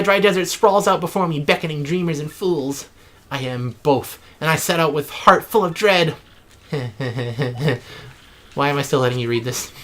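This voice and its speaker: A man's voice: on the high side, a bit bright. A man hosting a let's play, reading in-game text with mock drama and joking asides.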